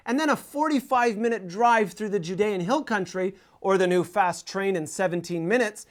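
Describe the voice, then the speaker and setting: A man hosting a scripted travel talk, listing places in a lively, humorous way. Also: sits high. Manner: lively, humorous list-making. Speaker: host.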